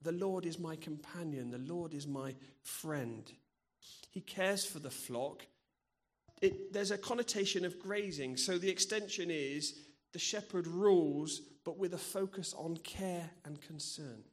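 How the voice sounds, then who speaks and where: A man's voice: on the high side, a little slow. A middle-aged man preaching in a church, earnest and personal, sharing stories from his own life. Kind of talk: sermon.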